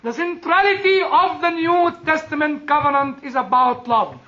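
A man, a chaplain, giving an earnest sermon and telling personal stories, leaning hard on some words and letting quieter phrases trail off. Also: very high-pitched, moderate pace. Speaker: chaplain and preacher. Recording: dull lo-fi recording.

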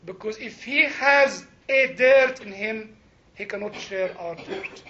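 Lively, bright-voiced older preacher. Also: male voice, sits high, slow pace, highs cut off, a little hiss or hum. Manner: animated storytelling, laughs often, emphatic. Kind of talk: sermon with anecdotes and jokes.

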